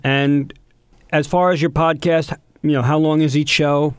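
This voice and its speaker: A man's voice: fairly high pitch, fairly even intonation, a little slow, smooth, dry recording. A man co-hosting a casual podcast, teasing and cracking jokes. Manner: teasing, wisecracking. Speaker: podcast co-host.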